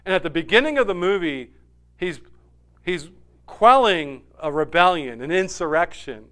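A man preaching a sermon, animated, dropping to a hush and rising loud when he acts out quoted lines. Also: high voice, normal speed. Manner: animated, swings from hushed to loud when quoting. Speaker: pastor.

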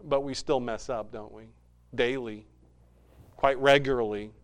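A man preaching a sermon as pastor, moving from hushed, quiet passages to loud, fervent ones. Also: mid-range voice, fairly even intonation, a little slow.

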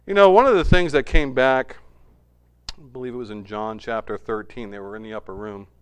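A man's voice: mid-range voice, brisk, clean tone. A middle-aged man, a pastor, preaching a sermon in a storytelling way with emphatic repetition.

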